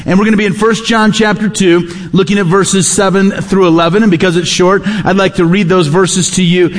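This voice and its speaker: A middle-aged man preaching a sermon as pastor, stressing points by repeating key words. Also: sits high. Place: large church hall. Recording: reverberant hall.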